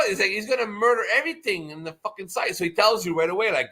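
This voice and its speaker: A man chatting on a live stream, telling stories with lots of swearing and acting out other people in loud, shouted quotes. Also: sits high, expressive, fast talker, few pauses, slightly rough. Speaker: live stream chat participant. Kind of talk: rowdy casual chat, profane.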